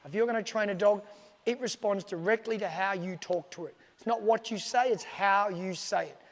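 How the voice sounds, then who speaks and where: This dog trainer has a high voice and talks at a moderate pace, his words echoing with a long reverb tail. Staff move around the training facility as he gives the camera relaxed, straightforward tips, going over his key points more than once.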